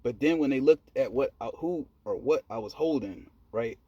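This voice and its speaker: A man telling a personal story in a casual monologue, profane and animated, laughing at himself. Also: mid-range voice, moderate pace, husky, dry recording, dull audio. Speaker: storyteller vlogger.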